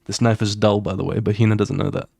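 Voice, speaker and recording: While streaming his drawing, a man casually walks viewers through his comic pages, talking fast and animatedly with swearing and sound effects. His voice is lowish, creaky, and slightly rough, with no echo.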